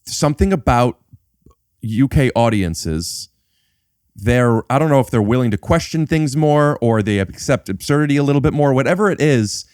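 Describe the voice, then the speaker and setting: A man's voice: medium pitch, lively intonation, normal speed, a little mellow, no echo, studio quality. A man hosting a podcast who asks curious questions and often stops and restarts in a casual chat. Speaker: podcast host.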